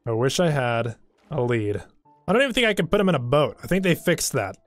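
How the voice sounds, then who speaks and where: A man's voice: mid-range voice, very animated, a little fast, faint music behind. A young man hosting a game let's play, joking around and talking to his horse as he plays, with bursts of mock dismay. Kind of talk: casual gameplay commentary.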